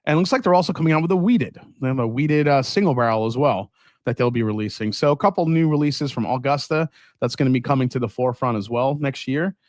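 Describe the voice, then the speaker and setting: A man's voice: mid-range voice, fast talker, no echo, clean studio sound. A man hosting a casual whiskey review show, sarcastic and profane, mocking marketing copy.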